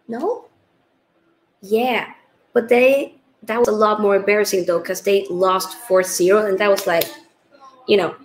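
Chatty woman, gravelly voice. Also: fairly high pitch, rough recording. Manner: chatty, animated, reads out viewer comments. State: tired. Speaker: livestream host. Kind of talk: casual live watchalong chat.

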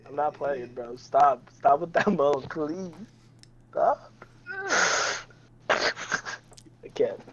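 Young guy player, high lively voice, yells and swears, cracks up. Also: very slow, long pauses, lo-fi sound. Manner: loud, excitable, swears, laughs. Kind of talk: casual chat.

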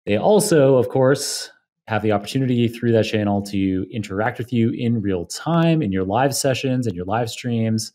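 A man hosting a podcast interview, appreciative and measured as he thanks his guest and asks questions. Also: medium pitch, warm tone. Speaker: podcast host.

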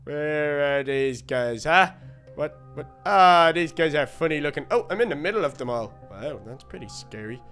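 A man voicing a silly, excitable male baby duck, rambling and talking to himself through a game role-play. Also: on the high side, moderate pace, faint music behind. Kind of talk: Minecraft role-play narration.

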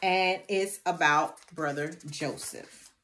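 Taking it slowly with a fairly low pitch and fairly even intonation, a woman leads a Christian finance channel. She's warm and familiar with her viewers, folksy and preacherly, reading scripture and praying earnestly in a casual teaching style.

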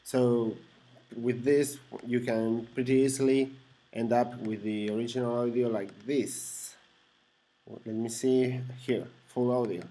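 A man for whom English is a second language talks unhurriedly at a middle pitch through a hobby computer project. He hesitates often, restarts his phrases and fills the gaps with ums. He chuckles softly to himself now and then. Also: fairly even intonation, slow pace. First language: not English. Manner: hesitant, with many fillers and self-corrections. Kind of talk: casual screen-recorded walkthrough.

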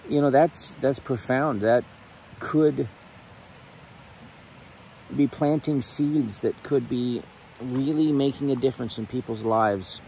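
A middle-aged man speaking outdoors on rural land, praying and then talking to his viewers in an earnest, emotional way with pauses and restarts. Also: mid-range voice, gravelly, darkish tone, slight background noise, rough recording. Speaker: channel host. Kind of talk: heartfelt prayer and casual talk to camera.

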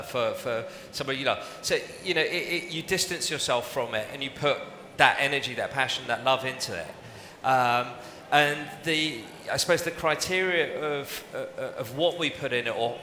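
A man's voice: mid-range voice, bright, forceful tone, slight background noise. Hesitant British man in an echoing hall. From United Kingdom. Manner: hesitant, halting with restarts. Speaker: bartender giving a masterclass. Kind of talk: casual live onstage chat. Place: large event hall. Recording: roomy hall reverb, faint crowd.

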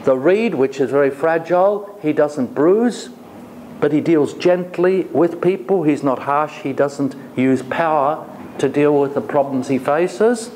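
A man's voice: on the high side, a little slow, a little mellow, slight background noise. A man lecturing a college class, asking the students questions and paraphrasing the text for them. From Australia.

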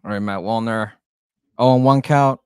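Male amateur play-by-play streamer, smooth clear voice in a dry room, excitable and jokey. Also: lowish voice, moderate pace, no echo. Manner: excitable, jokey, swears, shouts on big plays. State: out of breath. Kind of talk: live amateur play-by-play commentary.

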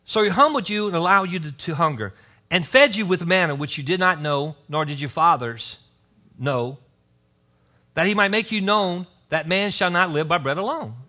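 Male pastor preaching a church sermon; bright, high, very lively voice with scripture readings and asides. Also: brisk. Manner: animated preaching, reads scripture aloud with asides. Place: church service.

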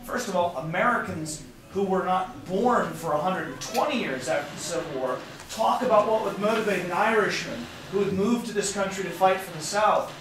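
A hoarse man leads a tour group outdoors, his voice worn but pitched a little high, and he speaks with the emphatic fervor of a preacher. He is picked up from a distance, with heavy echo and some faint noise around him. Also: moderate pace, few pauses. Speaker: tour guide. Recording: distant, echoey outdoor recording.

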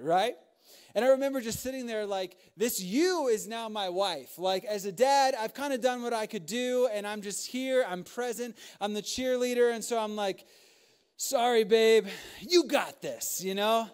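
A young man delivering a lighthearted sermon, his voice sitting high for a man. He tells stories with humor, laughs often, and throws in quick asides. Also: animated, clear, resonant tone. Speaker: young adults pastor.

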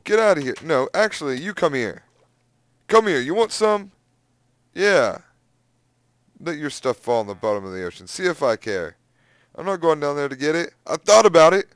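A young man giving casual, excitable gameplay commentary, exclaiming and humming to himself. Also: medium pitch, no room sound. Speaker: gaming youtuber.

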